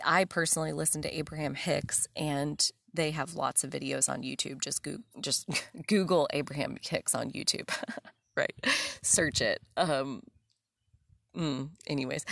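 A young woman hosts a solo podcast in a casual, confessional way, animated, quick to laugh and unafraid to swear. Her voice sits low with a gravelly fry. The sound is close and dry, with no room around it. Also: dry recording. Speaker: podcast host.

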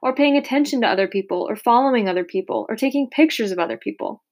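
A woman's voice: a little high, animated, fast talker, a little mellow. A woman voicing an awkward, flustered teenage boy who blurts and hesitates in an audiobook reading. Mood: amazed.

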